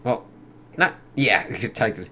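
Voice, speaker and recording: A man's voice: medium pitch, expressive, slow, sharp tone, slight background noise. A man giving a casual, rambling spoken review of a comic book, swearing a lot. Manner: rambling, heavy swearing, lots of fillers.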